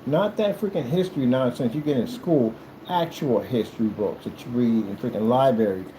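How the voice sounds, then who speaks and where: A man from the United States ranting to camera in a casual monologue, theatrical and animated, slipping into mock old-fashioned formal speech. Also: medium pitch, normal speed, a little hiss or hum, low-quality recording. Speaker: video creator.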